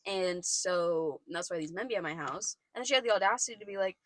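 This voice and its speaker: A woman's voice: fairly low pitch, brisk, low-quality recording. A woman in her twenties co-hosting a podcast, telling stories in a casual chat and acting out the voices of the people in them. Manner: animated storytelling, acting out voices. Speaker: podcast co-host.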